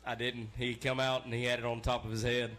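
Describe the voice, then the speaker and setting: A man, a tournament angler, chatting casually with the emcee in a quick, plain-spoken way. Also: medium pitch, level tone, fairly bright tone. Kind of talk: casual chat.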